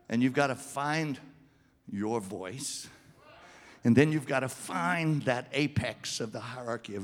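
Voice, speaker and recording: Guy preaching a sermon, gets loud then drops low, bit of rasp, big echoey church. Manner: swings from loud preaching to low, quiet asides; rhetorical questions to the congregation. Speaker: pastor. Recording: long reverb of a large hall.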